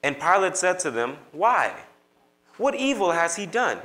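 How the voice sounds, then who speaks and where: A man giving a measured, expressive public scripture reading in a church. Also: sits high, heavy background noise. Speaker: scripture reader.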